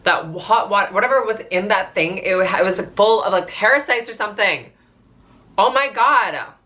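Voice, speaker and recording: Chatty bright-voiced young woman vlogger. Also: medium pitch, a little fast. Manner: chatty, dramatic, swears freely, many fillers. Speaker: vlogger telling a travel story. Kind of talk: casual story time.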